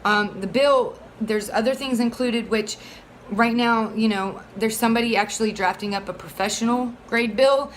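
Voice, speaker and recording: Earnest rambling single mom. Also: female voice, on the high side, moderate pace, a little hiss or hum, low-quality recording. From Florida. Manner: earnest, rambling, heated, frequent fillers. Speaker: single mother advocating for a bill. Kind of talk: casual advocacy monologue.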